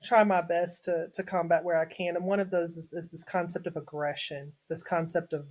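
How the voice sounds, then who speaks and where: A woman's voice: on the low side, moderate pace. A woman in her thirties, a guest and adjunct professor, talking earnestly in a casual panel discussion and acting out what others say. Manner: earnest, animated, quotes people in lively voices.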